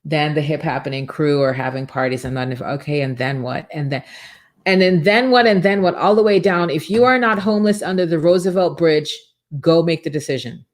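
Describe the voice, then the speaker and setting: A woman with a notably low voice gives a faith-based motivational talk as a morning show host. She speaks with fervor and a preachy drive, piling up rhetorical questions and repeated words. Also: fairly quick.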